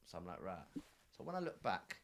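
A man's voice: low voice, fairly quick, vocal fry, noisy background. A man, a cab driver and podcast co-host, telling a story in casual slangy chat and acting out the people in it. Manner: animated, laughing, slangy, acts out voices.

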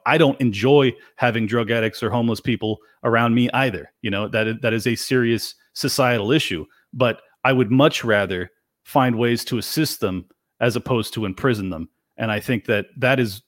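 A man's voice: mid-range voice, no echo, studio quality. A man in a political debate, passionate and pressing, firing challenging questions at his opponent.

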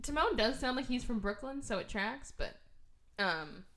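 A woman's voice: fairly high pitch, expressive, moderate pace, a bit bright. A woman co-hosting a movie podcast in casual chat, sarcastic and profane. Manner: profane, sarcastic, acts out characters. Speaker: podcast co-host.

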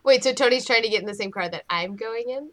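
A woman's voice: fairly high pitch, fairly quick. A woman playing a tabletop role-playing game, playful and laughing often. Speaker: player.

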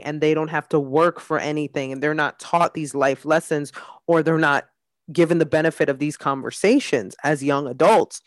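A woman's voice: low voice, no room sound. A woman hosting a podcast, talking in a blunt, candid way and leaning often on "like". Her voice is recorded close and dry, with no room sound around it. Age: adult mother. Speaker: podcast host. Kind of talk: casual chat.

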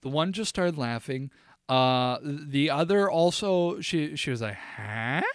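A man co-hosting a podcast, rambling loudly and jokingly in casual chat, swearing freely. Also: a little high, animated, measured pace, smooth, dry recording, studio quality. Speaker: podcast co-host.

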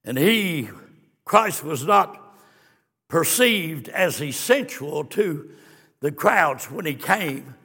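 A man preaching a fiery sermon, swinging from hushed storytelling to shouted exclamations. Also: on the high side, expressive, slow pace, vocal fry, slightly rough. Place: church sanctuary. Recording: long church reverb.

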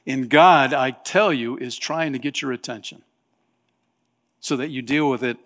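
A male pastor preaching a sermon, telling stories animatedly and acting out voices with sudden shouts. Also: medium pitch. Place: church sanctuary. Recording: long hall reverb.

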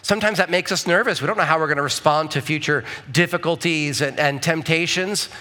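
A man's voice: a little high, fairly quick, bright, forceful tone. A male pastor preaching a conversational sermon in church, often checking in with the congregation with asides.

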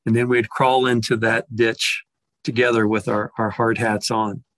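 A man's voice: medium pitch, level tone, measured pace, fairly bright tone, dry recording. A man telling a personal story in a reflective way, often restarting and repeating words as he goes.

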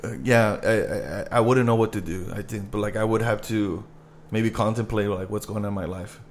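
A man co-hosting a podcast, swearing freely and getting animated as he tells a story in casual chat. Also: on the low side, brisk, a little hiss or hum. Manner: swears a lot, animated when retelling a story. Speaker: podcast co-host.

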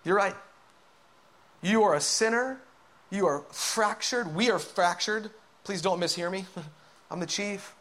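A man preaching a sermon, swinging between loud, urgent calls and hushed whispers as he acts out inner voices. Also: sits high, measured pace, long pauses. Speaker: pastor.

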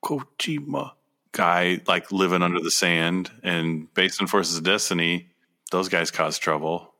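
Deep, bright-voiced man chatting casually. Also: flat delivery, moderate pace. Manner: enthusiastic, joking fan banter. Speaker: podcast co-host. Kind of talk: casual chat.

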